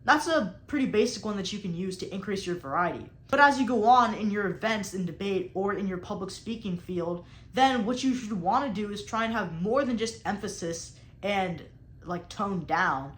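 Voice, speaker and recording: Recorded in an echoey room, this young woman's medium-pitched voice has a fairly bright tone. She coaches debate and explains speaking technique in a lesson, purposely emphasizing key words and shifting her tone as she instructs.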